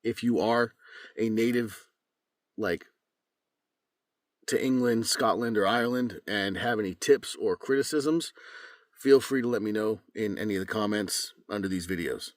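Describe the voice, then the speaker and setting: A man's voice: fairly low pitch, normal speed, long pauses, no room sound, clean studio sound. A young man, a voice actor, talking casually and a little rambling, with plenty of fillers. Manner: relaxed, rambling, many fillers. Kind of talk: casual vlog talk.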